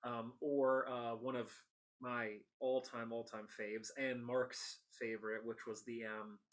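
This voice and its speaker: An enthusiastic man hosts a relaxed interview, chatting freely and laughing along with his guest. His voice sits at an ordinary middle pitch, and he speaks in long, meandering thoughts. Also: slow. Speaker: podcast host. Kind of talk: casual interview conversation.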